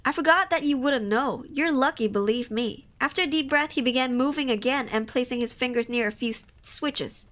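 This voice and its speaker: A woman reads spooky tales aloud on a live stream in a high, bright voice. She reads in a casual way and breaks off into emotional reactions and swearing. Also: fairly quick, hardly any pauses. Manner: emotional, cries and exclaims between passages. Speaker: streamer reading horror stories.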